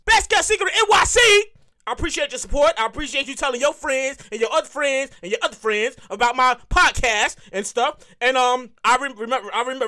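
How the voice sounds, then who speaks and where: A man runs a comedic podcast monologue in a high voice that jumps all over the place. His tone is bright and sharp. He keeps repeating himself and laughing at his own stories. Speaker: podcast host.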